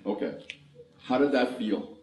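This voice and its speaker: A man's voice: mid-range voice, unhurried, darkish tone. A man from Canada leading a conference workshop, laughing often and asking the audience questions. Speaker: conference speaker. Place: conference hall. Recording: roomy hall, mic far off.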